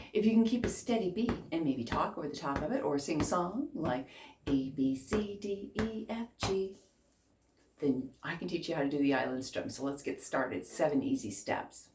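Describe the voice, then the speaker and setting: A woman in her fifties teaching a beginner ukulele lesson, encouraging and counting along with her students. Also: sits low. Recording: echoey room, faint noise.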